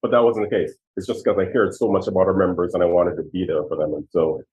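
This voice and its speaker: A man's voice: low voice, level tone, quick pace, a little mellow, slight background noise. A man in his sixties, originally from Jamaica, a retired police chief earnestly telling personal stories in an interview. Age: 60s. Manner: earnest, emphatic storyteller. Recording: tinny phone-like audio.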